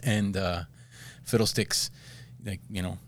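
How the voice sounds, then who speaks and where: A man's voice: deep voice, steady tone, slow, slight background noise. A middle-aged man in casual chat, rambling and profane, laughing at his own jokes.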